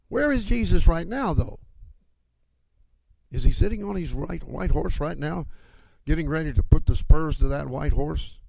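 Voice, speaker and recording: A man's voice: mid-range voice, gravelly, darkish tone, dry recording. A man preaching a sermon, emphatic and calling on his listeners for amens.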